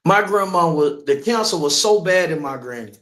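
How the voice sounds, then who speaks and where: A man's voice: fairly high pitch, animated, moderate pace, fairly bright tone. Guy telling a heavy story like a sermon, keeps asking if u get it, roomy echo. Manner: conversational, keeps asking "you know what I'm saying". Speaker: speaker. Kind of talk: personal testimony sermon.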